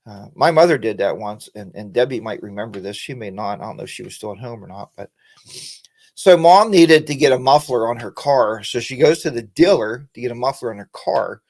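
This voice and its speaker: A middle-aged American man hosting a laid-back motorcycle live stream talks fairly quickly and expressively in a medium-pitched, slightly mellow voice. He rambles, full of fillers and restarts.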